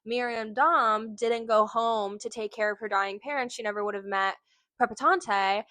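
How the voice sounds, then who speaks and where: A woman with a slightly high, bright, forceful voice chats casually about a book she loves as a book vlogger, gushing, rambling onto tangents, and swearing now and then. Her intonation is fairly even, her pace moderate, and there's no room sound.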